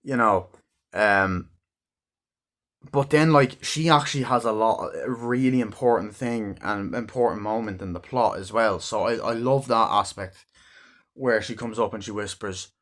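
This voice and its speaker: A man's voice: lowish voice, unhurried, fairly bright tone. A man giving a casual movie review, rambling and swearing freely as he acts out scenes.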